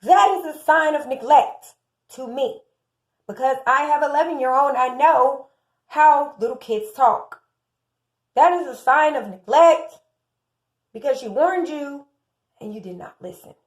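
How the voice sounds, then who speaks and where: American woman, 30s, high voice, heated opinionated commentary, gets louder as she argues. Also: a little slow, pauses often. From United States. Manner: impassioned, indignant, rising in volume. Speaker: true crime commentator.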